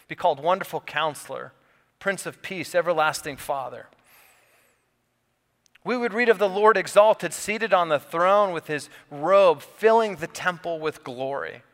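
A man's voice: fairly high pitch, a bit bright. A man preaching a sermon as the pastor, stressing and repeating key words. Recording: long hall reverb.

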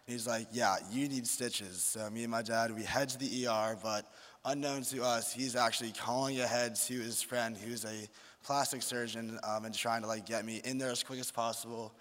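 A young man in his late teens, a high school senior, casually telling a story with lots of "like" and "um.". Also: normal speed. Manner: relaxed, uses "like" and "um" often. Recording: echoey hall.

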